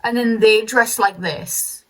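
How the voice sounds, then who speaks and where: A woman's voice: a little high, slow pace, slight background noise, rough recording. A young woman vlogger ranting bluntly and sarcastically while doing her makeup in casual chat. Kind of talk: get-ready-with-me ranting chat.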